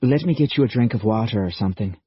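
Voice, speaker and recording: A man's voice: on the low side, fast talker, husky, no room sound. A male narrator voicing a curious young man who speaks earnestly and asks questions. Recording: muffled dull recording.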